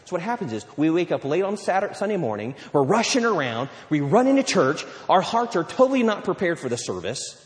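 Man, pastor, sermon, high voice, lively delivery, playful quoted asides, long hall reverb. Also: fairly quick, hardly any pauses. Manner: animated preaching with playful acted-out quotes.

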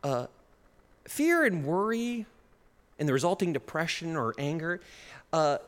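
A man preaching a sermon as pastor, animated, with chuckles and shifts in pace. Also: on the high side, unhurried. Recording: long reverb of a hall.

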